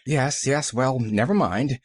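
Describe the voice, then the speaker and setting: A man's voice: medium pitch, wildly swooping pitch, measured pace, a little mellow, breathy edge, no echo, clean studio sound, full character voice. A man voicing a cold, impatient older aunt. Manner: cold, clipped.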